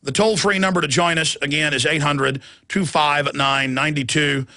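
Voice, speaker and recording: A man's voice: fairly high pitch, fairly even intonation, normal speed, bright, forceful tone. A man hosting a live talk radio show, delivering an impassioned, mocking monologue. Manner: impassioned, mocking, mimics opponents' laughter.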